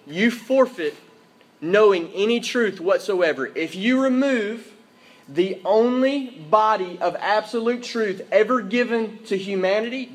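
A man preaching a sermon to a church congregation, emphatic and repetitive, often checking in with his listeners. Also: sits high. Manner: emphatic, repeats key phrases, checks in with "Okay?". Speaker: pastor. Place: church service.

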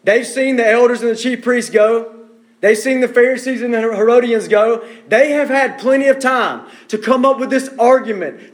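A man preaching a sermon, emphatic and direct, repeating key phrases for stress. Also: extremely high pitch.

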